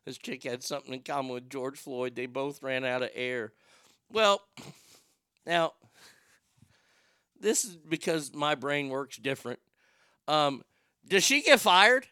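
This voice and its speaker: Man, podcast host, crude jokey banter, bright and crisp, dry close sound. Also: mid-range voice, lively intonation, unhurried, pauses often, no room sound. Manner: profane, joking, riffing on the news. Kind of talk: casual comedy chat.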